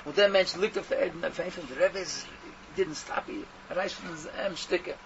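Man, storyteller, rambling and repetitive, high-pitched, hissy background. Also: fairly quick, vocal fry. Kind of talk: telling a Hasidic tale, mixing Yiddish. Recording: dull recording with steady noise.

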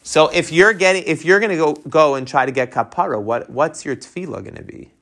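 A man teaching a text study class, animated and tossing rhetorical questions to his students. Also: fairly high pitch, fairly quick.

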